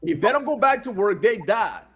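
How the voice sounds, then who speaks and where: A man's voice: high voice, very animated, moderate pace, a crowd in the background. A man in casual business chat, blunt and emphatic, often asking "all right?".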